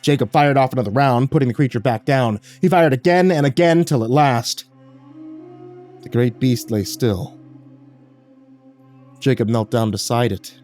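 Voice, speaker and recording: A man's voice: medium pitch, animated, normal speed, long pauses, darkish tone. Man narrating horror stories over faint music. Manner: dramatic storytelling.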